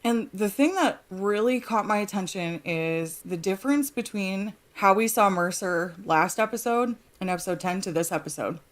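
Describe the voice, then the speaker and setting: A woman talking as a podcast panelist, thinking out loud with lots of "like" fillers. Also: medium pitch, lively intonation, normal speed, hardly any pauses. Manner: thoughtful, filler-heavy with frequent "like". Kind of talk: casual chat.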